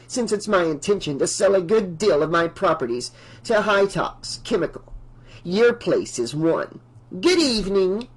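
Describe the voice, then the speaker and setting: Man reading a spiteful old landlady for an audiobook: high, shrill, scornful, shrieks at people. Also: big pitch swings, unhurried, husky, full character voice, low-quality recording. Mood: cold.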